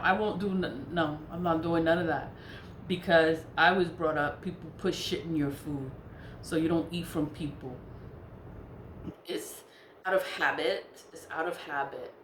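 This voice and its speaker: A woman telling a personal story in a casual monologue, blunt and profane, repeating herself for emphasis. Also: low voice. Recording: echoey room with faint background noise.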